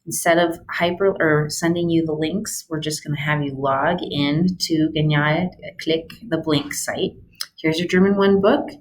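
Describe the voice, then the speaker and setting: A woman's voice: deep voice, fairly even intonation, measured pace. A woman German teacher walking students through homework on a screen recording, chatty and patient, explaining step by step.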